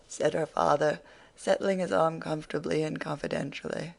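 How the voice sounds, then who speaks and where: An audiobook narrator reading a classic novel in a steady storytelling manner. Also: mid-range voice, normal speed, vocal fry. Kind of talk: scripted narration.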